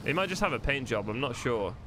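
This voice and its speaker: A man's voice: medium pitch, expressive, quick pace, noisy background. Rambling, swearing male streamer. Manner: rambling, swears freely, thinks aloud. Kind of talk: live-streamed roleplay gameplay chat.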